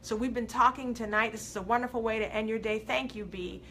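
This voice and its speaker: A woman hosting a live inspirational video, preaching with big swings from loud to soft and reading viewer comments aloud. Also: fairly high pitch, quick pace, a little hiss or hum. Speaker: host of a live faith and life coaching show.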